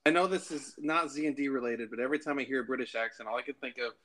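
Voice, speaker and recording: A man from Wales hosting a casual podcast chat, playful and quick to laugh. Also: medium pitch, crowd noise. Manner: playful, laughing, overly polite greetings. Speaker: podcast host.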